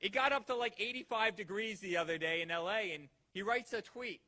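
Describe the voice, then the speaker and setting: Bright, high-voiced man at a rally. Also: a little fast, few pauses. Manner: rousing, with repeated rhetorical questions. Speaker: political rally speaker. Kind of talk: campaign rally speech. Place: outdoor campaign rally.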